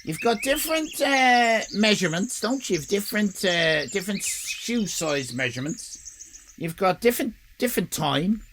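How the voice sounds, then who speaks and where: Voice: mid-range voice, sing-song, normal speed, noisy background. An Irish live-stream host chatting casually with viewers, rambling and swearing in mock outrage. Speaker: livestream host.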